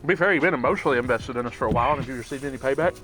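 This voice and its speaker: A man's voice: medium pitch, rapid-fire. Young guy, podcast co-host, easygoing jokey delivery, faint music underneath. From Birmingham, Alabama. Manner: joking, laid-back storytelling. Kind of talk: casual chat.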